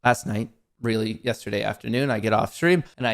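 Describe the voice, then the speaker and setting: A man's voice: medium pitch, animated, normal speed. A male show host telling a self-mocking comic story, swearing casually and acting out his own thoughts.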